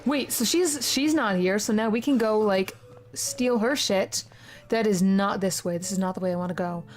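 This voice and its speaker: A woman playing a horror video game, reacting excitedly with frequent swearing and reading the on-screen text aloud. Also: medium pitch, normal speed, faint music behind. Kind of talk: casual let's-play commentary.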